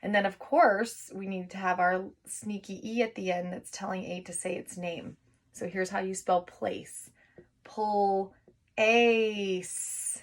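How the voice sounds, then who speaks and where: A woman teaching young children to write, encouraging them and sounding out words slowly syllable by syllable. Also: medium pitch, little pitch movement. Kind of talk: remote phonics and writing lesson for young children.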